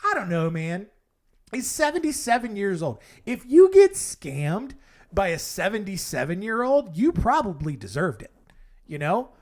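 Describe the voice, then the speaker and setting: High-voiced man hosting a comedy podcast. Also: sing-song, moderate pace. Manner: rambling and casual, with jokey asides and self-corrections. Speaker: podcast host.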